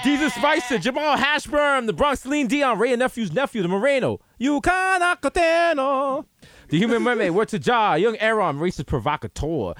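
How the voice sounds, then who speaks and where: A man hosting a comedy podcast, riffing playfully in rapid-fire bursts. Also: extremely high pitch, lively intonation, a bit bright. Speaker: podcast host. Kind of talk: casual comedic chat.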